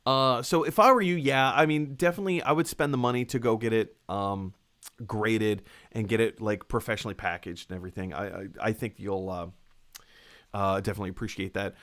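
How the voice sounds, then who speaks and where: A man's voice: lowish voice, steady tone, a little fast, a bit bright. A man hosting a live stream, reading out viewer messages and chatting casually with lots of fillers. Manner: reads viewer messages aloud, rambling with many fillers. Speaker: podcast host.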